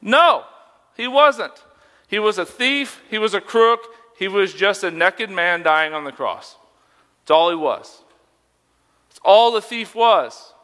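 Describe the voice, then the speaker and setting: A man's voice: high-pitched, lively intonation, slow pace, sharp tone, big-room sound. A young man preaching a sermon as a youth pastor, conversational and emphatic, asking rhetorical questions.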